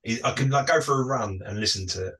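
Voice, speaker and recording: A man's voice: medium pitch, fast talker, a bit bright, low-quality recording. A man co-hosting a comedy podcast, teasing a friend with exaggerated mock praise in casual chat. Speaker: podcast co-host.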